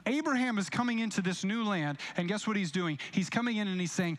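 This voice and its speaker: A young male pastor delivers a sermon live in a church with a fairly high voice. He talks in a relaxed, conversational way, slipping into quoted voices as he tells stories from his own life. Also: brisk, few pauses. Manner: conversational storytelling with acted-out quotes. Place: church sanctuary, recorded live.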